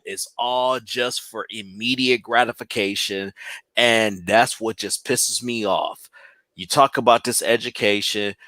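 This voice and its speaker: A man hosting a podcast, ranting in an animated, profane way, his voice climbing high when worked up. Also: dry recording. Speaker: podcast host. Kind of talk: heated podcast rant.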